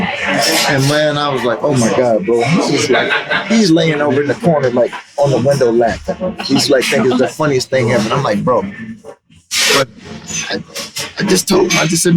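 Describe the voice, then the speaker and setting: A middle-aged man telling stories in a relaxed, animated way as an interview guest, with many "man" fillers. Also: medium pitch, poor audio. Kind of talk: casual storytelling.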